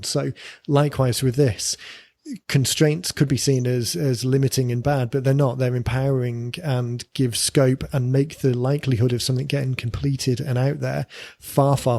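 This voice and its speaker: A man's voice: medium pitch, vocal fry, darkish tone, no room sound. A man co-hosting a podcast, talking casually and thinking aloud with fillers and repeated words. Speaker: podcast co-host.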